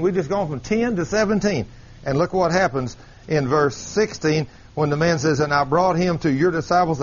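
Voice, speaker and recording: Brief: preacher, animated pitch swings, husky tone, lo-fi sound. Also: male voice. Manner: animated, questioning the congregation. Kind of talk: sermon.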